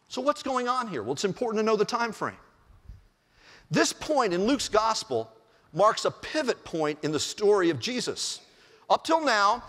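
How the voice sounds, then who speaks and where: A male pastor preaching a sermon in a church, telling the story in an animated way and chuckling often. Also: sits high. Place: church sanctuary. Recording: long church reverb.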